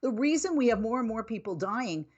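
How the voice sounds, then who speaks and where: A woman's voice: a little high, expressive, a little fast, dull audio. A woman hosting a talk radio show, telling a story and then scolding listeners in an exasperated, emphatic way. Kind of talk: opinionated talk radio monologue.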